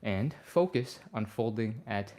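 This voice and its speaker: A man leading a live stretching workout as the instructor. He talks through each move in a relaxed, upbeat way and sighs and breathes audibly between cues. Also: lowish voice, unhurried. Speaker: fitness instructor.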